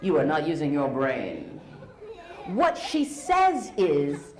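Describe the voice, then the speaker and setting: Middle-aged woman storyteller, playful, lively voice, roomy school hall echo. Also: low voice, normal speed, slight background noise. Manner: animated, playful, asks audience questions. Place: school hall with a child audience.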